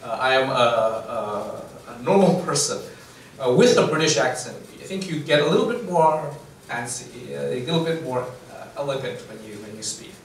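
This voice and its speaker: A man's voice: mid-range voice, moderate pace, a little hiss or hum. A man hosting a livestreamed English lecture, talking casually with frequent fillers and chuckles. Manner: relaxed, chuckling, full of fillers. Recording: echoey room from far off.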